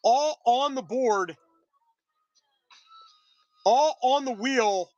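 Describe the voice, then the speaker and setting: A live-stream host selling card breaks, chatting casually and greeting viewers by name, with a voice that is getting a little hoarse. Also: high voice, extremely slow, long pauses, no room sound, soft background music, low-quality recording.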